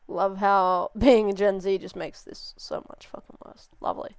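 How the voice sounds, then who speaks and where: A woman's voice: mid-range voice, smooth, no echo. A young woman hosting a reaction video, ranting and swearing in exasperation. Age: young adult. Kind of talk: casual reaction commentary.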